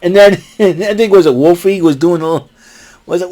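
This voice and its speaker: A man's voice: on the high side, normal speed, a little mellow. A man casually recapping a wrestling show, rambling with fillers and often breaking into laughter. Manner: watching a ball game while talking.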